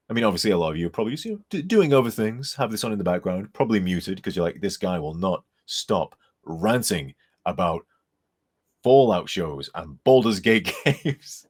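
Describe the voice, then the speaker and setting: Streaming as a game modder, a tired man reads chat out loud, rambling and chuckling in casual conversation, occasionally facing away from his desk mic. His voice is deep with a breathy edge.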